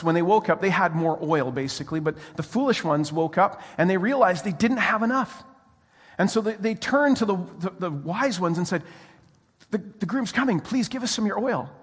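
A man preaching a sermon as pastor, telling a story with animated energy and frequent restarts. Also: fairly high pitch, in a large hall.

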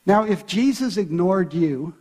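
A man with a notably high voice delivers a sermon from the pulpit. He retells a scripture story dramatically, slipping into the characters' lines. His words carry a long echo through a large church hall. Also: expressive, a little slow, a little mellow. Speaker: pastor.

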